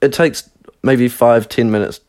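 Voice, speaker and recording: A man's voice: mid-range voice, steady tone, measured pace, a little mellow. A young man casually telling a rambling personal story, full of fillers and swearing. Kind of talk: casual chat.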